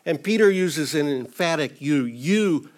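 A man's voice: a little high, normal speed. A man teaching through a Bible passage verse by verse in an informal, earnest way, with touches of light humor.

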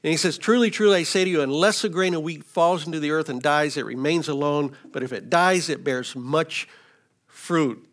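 A man's voice: on the high side, normal speed, a bit bright. A man preaching an expository sermon, teaching through scripture verses with frequent restarts. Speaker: pastor.

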